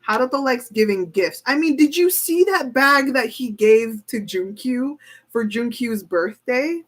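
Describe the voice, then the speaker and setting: A woman reading tarot cards in a casual, chatty way, excitable and giggly. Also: a little high, measured pace, low-quality recording. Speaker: tarot reader. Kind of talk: casual chat.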